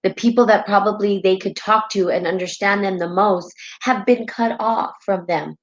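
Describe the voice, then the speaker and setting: A woman's voice: medium pitch, fairly even intonation, normal speed, highs cut off. Heartfelt rambling woman on a live stream. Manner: heartfelt, rambling, many "right?" tags. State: tearful at times. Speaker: host of a spiritual live stream. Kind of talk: casual spiritual talk on a live stream.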